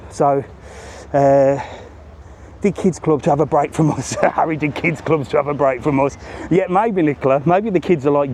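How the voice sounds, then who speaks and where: A man's voice: mid-range voice, moderate pace, a little mellow, a little hiss or hum. A man doing a live walking travel vlog, chatting and joking with passers-by. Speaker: travel vlogger. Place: outdoors on a seafront promenade.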